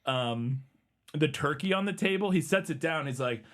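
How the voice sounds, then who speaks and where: A man hosting a podcast, talking casually about a film, excitable, swearing and laughing often. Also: a little high, moderate pace. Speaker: podcast host. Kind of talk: casual chat.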